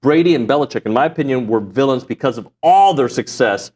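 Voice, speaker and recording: Male sports radio host, fast, joking, runs the show. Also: mid-range voice, animated, a little mellow. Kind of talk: casual radio sports chat.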